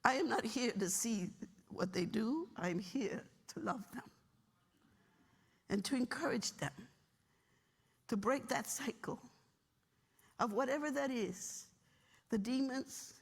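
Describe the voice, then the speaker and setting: Husky-voiced middle-aged woman giving a keynote. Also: a little high, takes it slowly, pauses often. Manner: animated, humorous storytelling. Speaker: keynote speaker, retired military officer. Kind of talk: keynote storytelling speech. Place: large hall, luncheon event. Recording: long reverb of a large hall.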